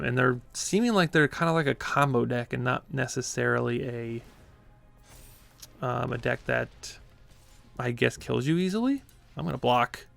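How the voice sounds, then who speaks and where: A gaming content creator chats his way through his own card game as he plays, getting flustered easily and laughing a lot. His voice is medium-pitched and a bit bright, with vocal fry.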